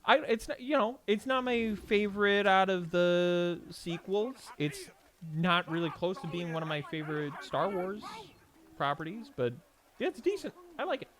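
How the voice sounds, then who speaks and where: A man's voice: high-pitched, animated, moderate pace, fairly bright tone. A young man streaming from home, chatting casually and rambling between game moments, with plenty of swearing and "like". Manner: rambling and profane, with frequent "like" and restarts. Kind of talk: casual chat while gaming.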